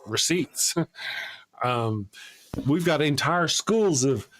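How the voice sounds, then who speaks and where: A man hosting a relaxed livestream talk show at a middle pitch, easygoing and chatty. He laughs often as he reads viewer messages aloud and riffs with his co-host. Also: moderate pace, a little hiss or hum. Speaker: podcast host. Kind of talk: casual livestream chat.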